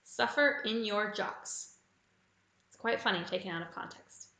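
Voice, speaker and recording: An Australian woman runs a live trivia night online, reading out questions slowly and saying each clue twice. Her voice is bright and clear, and it rings in a roomy, echoey space. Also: medium pitch. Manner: reads clues slowly and repeats them. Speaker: quiz host. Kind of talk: live online pub quiz hosting.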